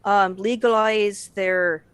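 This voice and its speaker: A woman's voice: mid-range voice, fairly even intonation, takes it slowly, fairly bright tone, clear, resonant tone. Hesitant woman playing in character. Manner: hesitant, nervous, with fillers. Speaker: player. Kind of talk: in-character tabletop role-play.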